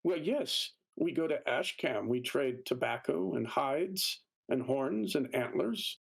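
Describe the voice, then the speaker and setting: A man's voice: mid-range voice, expressive, slow, creaky, slightly rough, full character voice, poor audio. A man voicing an attentive young cat-folk village girl in a tabletop game, speaking plainly. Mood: matter-of-fact.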